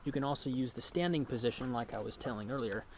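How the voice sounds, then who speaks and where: A man casually explaining dog training in a relaxed, rambling way, with many ums and restarts. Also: mid-range voice, fast, very noisy. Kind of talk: casual outdoor instruction. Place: outdoors with his dog.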